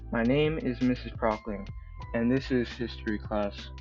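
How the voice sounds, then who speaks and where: A man's voice: medium pitch, normal speed, lo-fi sound, over music, lightly acted. A man voicing a raptor woman history teacher with forced enthusiasm, read in his own plain voice while reading a visual novel aloud. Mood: forced cheer. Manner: reads flatly in his own voice.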